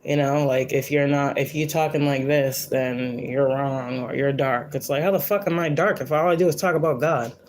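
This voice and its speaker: Her voice rumbles low with a steady, darkish tone, moving at normal speed with few pauses over slight background noise. She's a spiritual reader hosting a casual livestream, and her talk is blunt, profane, preachy and defiant, with lines often repeated for emphasis.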